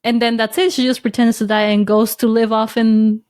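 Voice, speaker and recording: A woman's voice: fairly high pitch, a little fast, clear, resonant tone. A young adult woman, a comedian co-hosting a podcast, chatting casually and telling stories with frequent laughter. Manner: animated, laughs often while telling stories. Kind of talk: casual chat.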